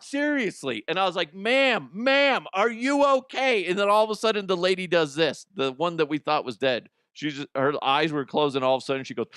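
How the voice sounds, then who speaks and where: A man's voice: on the high side, a bit bright, dry recording, clean studio sound. A middle-aged man hosting a comedy podcast, telling profane, rambling stories and acting out the people in them. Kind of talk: crude comic storytelling.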